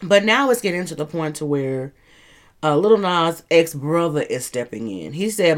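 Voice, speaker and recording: A woman's voice: low voice, lively intonation, moderate pace. A woman hosting a casual commentary show, chatty, rambling and laughing as she talks. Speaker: host.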